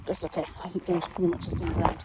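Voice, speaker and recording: A woman dog trainer explaining a training session outdoors, switching between calm explanation and high, cheerful commands to the dogs. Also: fast, noisy background. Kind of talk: casual training demonstration.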